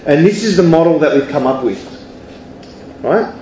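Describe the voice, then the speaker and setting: A man's voice: fairly high pitch, lively intonation, moderate pace, mellow, a little hiss or hum. A man, a university educator, telling a story in a lecture and often checking in with the audience. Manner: conversational, keeps checking in with "yeah?" and "right?". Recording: roomy, slightly dull lo-fi sound.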